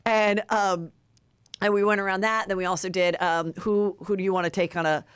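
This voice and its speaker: A woman host of a chat podcast, talking in a lively, gossipy way and slipping into voices as she quotes people. Her voice sits at an ordinary middle pitch. The mic is close and dry, with no room sound. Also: moderate pace, clear, resonant tone, no echo. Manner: chatty, animated, acts out quotes in put-on voices.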